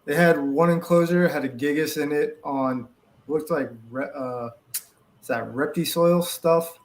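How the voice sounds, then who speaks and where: A man's voice: a little high, steady tone, a little slow, a little hiss or hum. Knowledgeable man in casual chat. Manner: detailed and knowledgeable, uses Latin species names. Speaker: podcast co-host.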